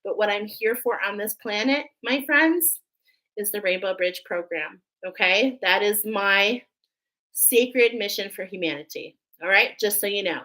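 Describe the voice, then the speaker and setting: A woman's voice: medium pitch, unhurried, bright, forceful tone, low-quality recording. A middle-aged woman from Australia doing a casual spiritual oracle card reading, chatting with viewers as friends. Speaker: tarot and oracle card reader.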